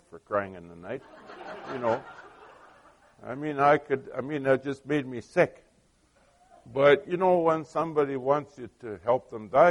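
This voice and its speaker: A man's voice: mid-range voice, lo-fi sound. A middle-aged man preaching a sermon, telling stories in a conversational way with many asides and questions put to the listeners. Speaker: pastor.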